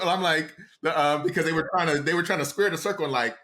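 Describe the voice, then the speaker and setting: A man from Columbus, Ohio, a psychotherapist talking as a podcast guest, reflective and halting as he searches for his words. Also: a little high, sharp tone. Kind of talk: casual interview conversation.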